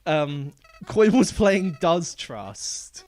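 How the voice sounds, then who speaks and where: A man's voice: a little high, sing-song, very slow, darkish tone. A man streaming a game live, chatting casually and rambling, laughing often as he talks. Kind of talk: casual live gameplay commentary.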